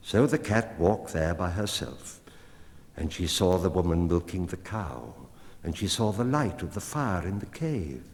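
Low-voiced, expressive male storyteller. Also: unhurried. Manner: rhythmic, expressive read-aloud. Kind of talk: storybook reading. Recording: long hall reverb.

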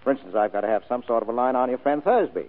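An actor playing a hard-boiled private detective in a vintage radio drama, terse and dryly wisecracking. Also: male voice, mid-range voice, animated, rapid-fire, natural voice. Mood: dry, wry. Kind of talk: 1940s radio acting. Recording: tinny old radio broadcast recording.

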